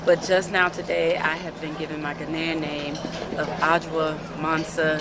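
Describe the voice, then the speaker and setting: A woman's voice: sits low, flat delivery, normal speed, very noisy. A woman in her forties from Illinois, heartfelt and tearful, giving a travel testimonial. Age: 40s. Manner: heartfelt, emotional.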